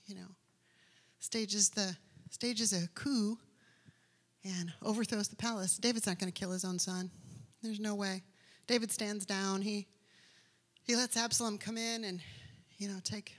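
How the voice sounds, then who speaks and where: A woman's voice: medium pitch, a bit bright. A woman preaching a sermon, telling a story with passion and acting out the characters' lines.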